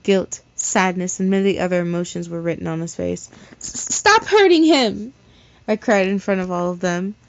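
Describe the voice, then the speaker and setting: A woman's voice: lowish voice, flat delivery, a little fast, few pauses, darkish tone. A woman reading a fan fiction story aloud in a casual way, stumbling over words and correcting herself. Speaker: story reader. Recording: slightly dull lo-fi recording.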